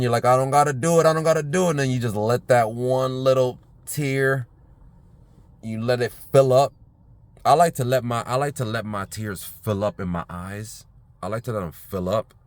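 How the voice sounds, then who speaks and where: A man talking to his phone camera in an outdoor park by the water, in a relaxed, rambling vlog full of fillers. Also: medium pitch. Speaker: vlogger.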